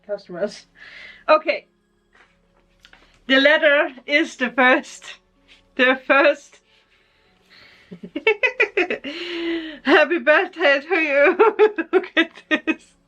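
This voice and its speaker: Emotional woman unboxing, slow talk. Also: sits high, bright, forceful tone, dull audio. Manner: emotional, laughs often. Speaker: vlogger. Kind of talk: casual unboxing vlog.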